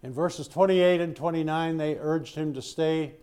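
Older male preacher, mellow voice, folksy rambling sermon delivery. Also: fairly high pitch, normal speed, smooth. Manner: folksy, rambling with asides and restarts. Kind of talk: sermon Bible teaching.

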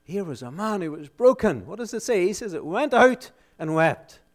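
A man preaching a sermon, asking rhetorical questions and answering them emphatically, swinging between loud exclamations and hushed, solemn lines. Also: high-pitched, sing-song, moderate pace.

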